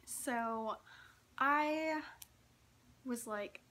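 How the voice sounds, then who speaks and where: A woman's voice: on the high side, steady tone, a little slow, pushed and bright. A young woman from Texas telling a story in a chatty vlog, giggling often and saying "like" a lot. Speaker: vlogger.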